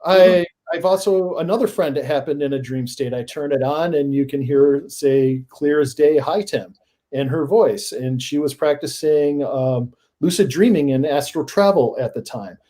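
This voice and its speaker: A man guest on a paranormal podcast, telling his stories in a casual, animated way that rises into excited emphasis. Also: fairly high pitch, normal speed, few pauses. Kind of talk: casual storytelling in a podcast interview.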